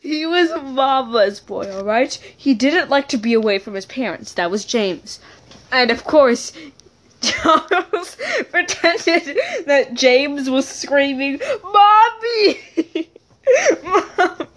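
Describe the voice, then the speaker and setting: Giggly high-voiced woman telling a story. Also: takes it slowly, slight background noise. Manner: giggly, keeps breaking into laughter; rambling, self-correcting asides. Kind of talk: casual personal storytelling.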